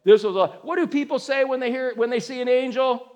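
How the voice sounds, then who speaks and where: A middle-aged man preaching a sermon in a folksy, animated way, acting out scenes with sudden shouts and calling listeners man and dude. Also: very high-pitched, a little fast. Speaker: pastor.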